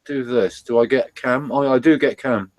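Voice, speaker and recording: A man's voice: mid-range voice, moderate pace, a little mellow, no echo. Rambling, hesitant man on a video call. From England. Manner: rambling, hesitant, many fillers and restarts. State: slightly asthmatic. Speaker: viewer on a live call. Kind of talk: casual chat.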